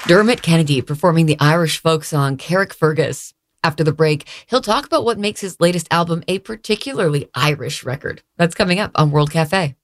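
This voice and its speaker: A woman's voice: deep voice, animated, brisk, hardly any pauses. A woman hosting a music radio show, introducing a segment in a polished broadcast delivery. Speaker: radio host.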